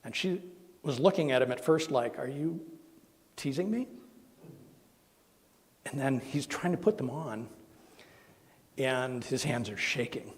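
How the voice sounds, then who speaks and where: Male minister, earnest sermon storytelling, mid-pitched, in a reverberant sanctuary. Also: unhurried. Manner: earnest, emotional storytelling with soft quoted voices. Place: church sanctuary. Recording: long hall reverb.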